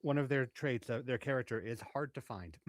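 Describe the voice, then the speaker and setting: A man playing a tabletop role-playing game, talking in a measured, calm way. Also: mid-range voice, no echo. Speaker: player. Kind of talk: in-character tabletop play.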